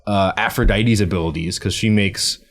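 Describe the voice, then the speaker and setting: A man's voice: on the low side, moderate pace. A man guesting on a studio podcast, rambling and hesitant as he searches for words in casual chat. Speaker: guest video editor.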